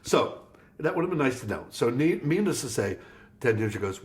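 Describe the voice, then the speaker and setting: A man's voice: medium pitch, moderate pace. A man from Florida, a guest musician on an interview podcast, telling a story and acting out the people in it. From Florida, USA. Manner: animated storyteller acting out quoted dialogue.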